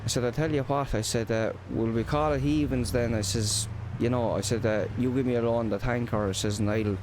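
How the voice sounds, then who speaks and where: A man's voice: medium pitch, fairly even intonation, a little fast, noisy background. A man with an Irish accent narrating a farming roleplay in a chatty storytelling way, full of local slang. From Ireland. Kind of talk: casual in-character roleplay narration.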